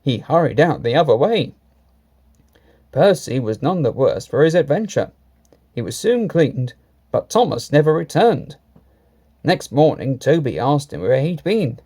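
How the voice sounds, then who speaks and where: Lively, expressive male storyteller. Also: fairly high pitch, a little slow, pauses often, slightly rough. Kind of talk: storybook reading.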